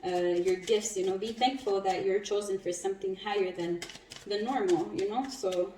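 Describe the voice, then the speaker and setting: A woman giving a casual spiritual tarot reading, chatty and quick to laugh, with some casual swearing. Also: medium pitch, fairly even intonation, dark tone, slight background noise. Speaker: tarot reader. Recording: roomy echo, mic at a distance.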